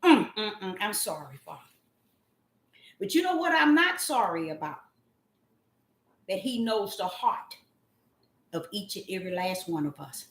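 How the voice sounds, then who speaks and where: A woman in the role of a self-styled prophetess delivers a devotional message at an unhurried pace. Her voice is mid-pitched and she often breaks into loud, drawn-out cries of apology. The room is echoey and sounds like a home recorded on a phone. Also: very animated.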